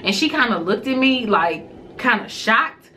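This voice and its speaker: Woman, vlogger, casual storytime, animated, bright tone, faint background hiss. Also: on the high side, a little slow. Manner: animated storytelling, addressing viewers directly.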